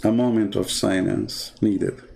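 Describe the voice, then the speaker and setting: A man's voice: on the low side, fairly even intonation, unhurried, gravelly, a little mellow. A man from the Middle East with an Arabic accent, a native Arabic speaker, hosting a live stream in a mocking, sarcastic rant. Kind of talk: casual livestream monologue.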